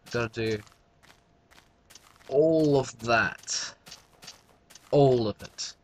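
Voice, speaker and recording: A man's voice: fairly low pitch, fairly bright tone, a little hiss or hum. A man giving casual gameplay commentary, rambling through mumbled asides to his viewers. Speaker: let's play gamer.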